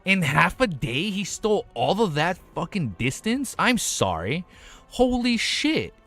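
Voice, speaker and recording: A young man streaming live, reacting excitedly with lots of swearing and laughing at himself. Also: high-pitched, unhurried, soft background music. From United States.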